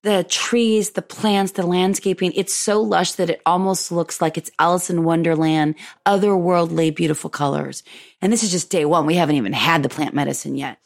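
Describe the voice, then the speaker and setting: A woman hosting a show, chatting warmly through a personal story, laughing often and acting out what people said. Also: on the low side, steady tone, moderate pace, gravelly. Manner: effusive and chatty, laughs often, retells dialogue. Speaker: podcast host.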